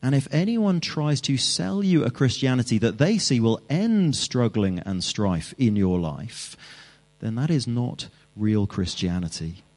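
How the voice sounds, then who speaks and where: A man's voice: mid-range voice, big pitch swings, a little slow, a little mellow. A man preaching a sermon, earnest and emphatic, building his points with repeated phrases.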